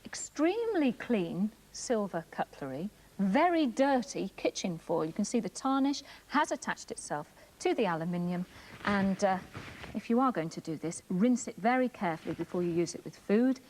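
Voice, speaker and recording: A woman's voice: medium pitch, big pitch swings, moderate pace, a little mellow, slight background noise, low-quality recording. A woman with a Welsh accent presenting a children's TV science demonstration, explaining step by step.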